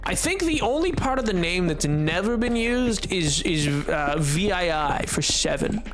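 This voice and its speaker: A man's voice: sits high, very animated, a little slow, over music. A man streaming a game, chatting casually with his viewers in a rambling, joking way. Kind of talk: casual livestream chat while gaming.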